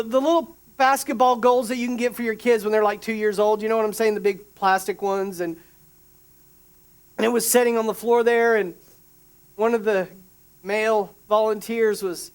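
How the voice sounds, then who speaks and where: A middle-aged man preaching a sermon, an emotional storyteller who restarts sentences and adds quick asides. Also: extremely high pitch. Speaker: pastor.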